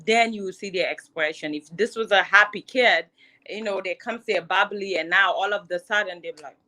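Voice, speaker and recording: A woman's voice: medium pitch, normal speed, bright, forceful tone. A woman educator speaking casually on a webinar panel over a video call, full of fillers. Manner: casual, lots of "like" and "you know". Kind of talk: panel discussion.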